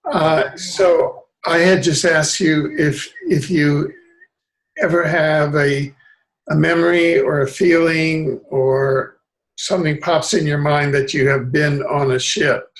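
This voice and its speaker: A male host interviewing a guest over a video call, asking halting questions. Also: a little high, fairly even intonation, rough recording.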